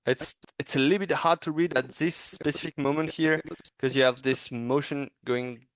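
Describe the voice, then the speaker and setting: A man giving a casual, encouraging animation critique in a thoughtful, halting way. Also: a little high, steady tone, dry recording. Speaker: animation reviewer.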